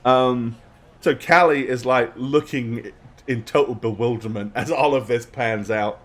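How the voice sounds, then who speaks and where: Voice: mid-range voice, measured pace. A game master narrating a tabletop game, giggly and full of fillers. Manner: giggly, lively, many fillers.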